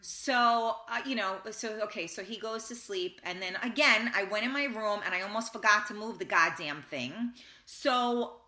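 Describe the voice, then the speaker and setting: A talk show host with a bright, clear-edged voice rambles through a story, restarting her sentences and dropping the odd curse. The room around her rings with a noticeable echo. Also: medium pitch, normal speed. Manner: rambling, chatty, with frequent restarts and mild swearing. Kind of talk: casual storytelling monologue. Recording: roomy echo.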